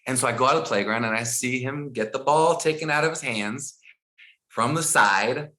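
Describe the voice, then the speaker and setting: A middle-aged man telling animated stories as a podcast guest, acting out dialogue and laughing as he goes. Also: mid-range voice, normal speed. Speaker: guest, founder of a school mindfulness program. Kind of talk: storytelling in a podcast interview.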